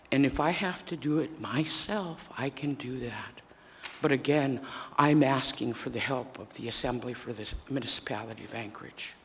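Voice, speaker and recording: A middle-aged man giving frustrated, pleading public testimony at a podium microphone in a council chamber. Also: medium pitch. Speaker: public commenter. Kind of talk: public testimony at a city meeting. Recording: echoey chamber with faint background noise.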